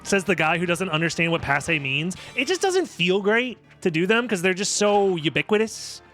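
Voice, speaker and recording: A young male streamer chats casually while playing a game, rambling, joking and mocking himself, with the odd swear word. His voice sits high and swings lively up and down. Faint music runs underneath. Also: moderate pace. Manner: rambling, joking, self-deprecating, swears freely. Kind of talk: casual commentary while gaming.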